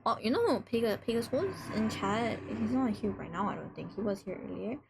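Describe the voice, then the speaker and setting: A woman's voice: on the high side, lively intonation, a little fast, gravelly, background noise. A woman hosting a live stream in casual chat, reading out messages from viewers and reacting to them playfully. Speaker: livestream host.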